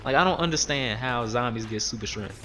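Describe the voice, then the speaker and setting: A young man, rambling and swearing freely through casual let's-play commentary, his voice jumping up high whenever he mimics others. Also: brisk, slight background noise. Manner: rambling, profane, animated when quoting others. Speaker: gaming video host.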